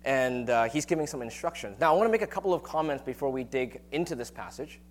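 A man preaching a sermon on a Bible passage in a relaxed, conversational teaching manner, with frequent rhetorical questions. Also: mid-range voice, fast, slight background noise. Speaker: pastor.

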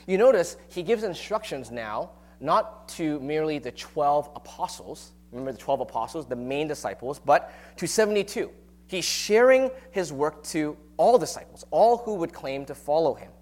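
A man preaching a sermon on a Bible passage in a relaxed, conversational teaching manner, with frequent rhetorical questions. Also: a little high, normal speed. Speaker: pastor.

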